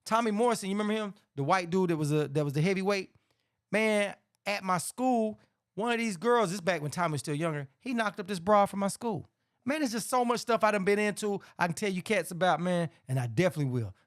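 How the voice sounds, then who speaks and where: A man's voice: high voice, lively intonation, brisk. A middle-aged man hosting a casual sports talk show, ranting bluntly and profanely about boxing, saying "man" constantly and getting heated. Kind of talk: casual boxing commentary rant.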